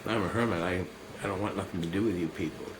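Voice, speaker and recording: A man's voice: sits low, steady tone, fast, noisy background. An older man, a military veteran, delivering a bitter, accusing monologue to a camera at home, cursing and swearing.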